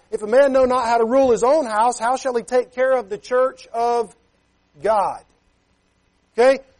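A man's voice: extremely high pitch, a little mellow. A man preaching a sermon as a pastor. He talks emphatically, keeps checking with "Okay?", and reads scripture in King James wording.

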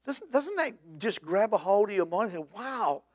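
A man preaching a sermon in a high voice. He moves between booming declarations and hushed, half-sung hymn lines. The sound is close and dry, with no room echo. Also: big pitch swings, moderate pace.

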